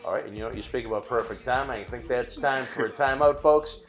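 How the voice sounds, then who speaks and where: A man's voice: mid-range voice, fast talker, soft background music. A man with a Boston accent hosting an interview and prompting his guest with casual questions. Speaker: interview host.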